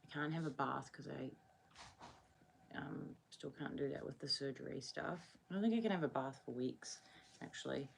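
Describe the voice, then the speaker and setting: Tired New Zealand woman, creaky voice. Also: very deep voice, moderate pace, slight background noise. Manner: rambling, sleepy, chatting to viewers. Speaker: livestream host. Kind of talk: casual live-stream chat.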